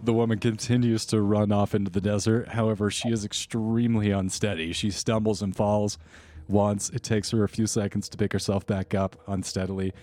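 Low-voiced man running a tabletop game. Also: brisk. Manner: steady, descriptive narration. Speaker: game master.

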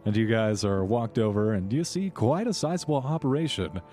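A man with a low voice runs a tabletop game, describing tunnels and mines in a relaxed, unhurried way. Faint music plays beneath his narration. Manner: descriptive, relaxed, with small restarts. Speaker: game master.

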